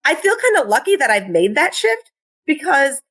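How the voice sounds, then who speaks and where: A woman's voice: high-pitched, very animated, normal speed, fairly bright tone. A woman in her forties with a Midwestern American accent, a podcast guest chatting casually with lots of "like" fillers and self-deprecating asides.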